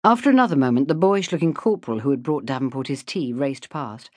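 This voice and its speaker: A woman's voice: a bass voice, animated, no room sound. Woman reading a war novel, dry sound. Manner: measured dramatic reading. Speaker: audiobook narrator. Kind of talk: scripted narration.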